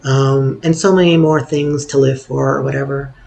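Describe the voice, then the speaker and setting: A hoarse young man rambling through a personal story in a wry, self-deprecating way. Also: medium pitch, fairly even intonation, normal speed, darkish tone. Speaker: vlogger.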